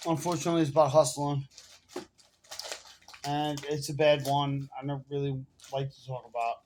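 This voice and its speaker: A man's voice: a little high, level tone, normal speed, a little mellow, a little hiss or hum. A man in his forties telling a long personal story to his phone camera in casual, rambling street slang full of swearing. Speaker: vlogger.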